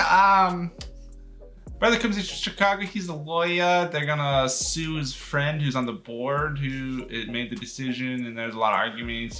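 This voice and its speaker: A man's voice: lowish voice, pushed and bright. A congested man casually recapping a movie on a podcast, rambling and swearing with bursts of laughter. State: congested sinuses. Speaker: podcast host.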